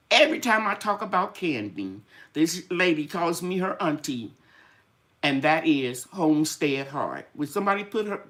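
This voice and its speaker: This older woman runs a casual live-stream chat about her garden, her voice low-ish and fairly bright. She's chatty and full of stories, acting out the voices she quotes, though she sounds a little tired and her sinuses are draining.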